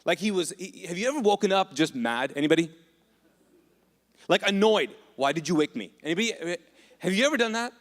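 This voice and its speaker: A man's voice: sits high, lively intonation, fairly quick, pauses often, fairly bright tone. Playful preacher man in an echoing church. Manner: conversational, playful, asks the congregation questions. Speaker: pastor. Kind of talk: sermon. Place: church hall. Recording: long church reverb.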